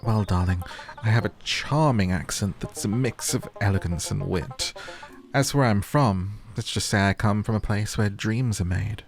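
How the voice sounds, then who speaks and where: A man's voice: lowish voice, moderate pace, faint music behind, natural voice. A man voicing a glamorous, haughty female fox villager who keeps calling people darling. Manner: affected, calls people darling.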